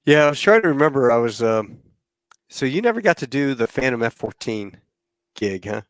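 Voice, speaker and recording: A man's voice: mid-range voice, moderate pace, no echo. A man hosting a casual podcast, telling old flying stories and acting out radio calls and cockpit talk. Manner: animated anecdote telling with acted-out radio calls. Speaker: podcast host and former Marine pilot. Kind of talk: casual storytelling chat.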